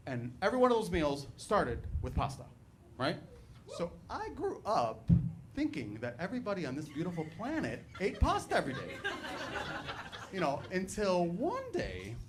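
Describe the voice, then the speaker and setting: A middle-aged man doing a stand-up comedy set on a club stage, telling stories in a chatty, animated way full of "like" and "right". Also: sits high. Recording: live club recording, background noise.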